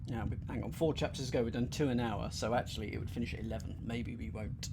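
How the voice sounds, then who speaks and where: A man's voice: medium pitch, fairly even intonation, quick pace, few pauses, background noise. A man casually commenting as he plays a puzzle game, with self-deprecating jokes and mumbled thinking aloud. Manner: self-deprecating, jokey asides. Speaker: let's-play host.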